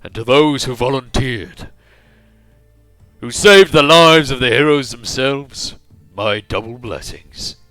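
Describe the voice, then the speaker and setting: A man voicing a boastful, lecherous, drunken bearded king who proclaims loudly. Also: mid-range voice, animated, slow pace, dry recording, faint music behind, voice pushed up. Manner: loud proclaiming.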